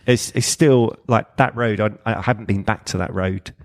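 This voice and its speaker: A man's voice: fairly low pitch, moderate pace. A man telling a rambling story. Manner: rambling, swears and laughs through stories. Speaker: podcast co-host. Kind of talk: casual anecdote telling.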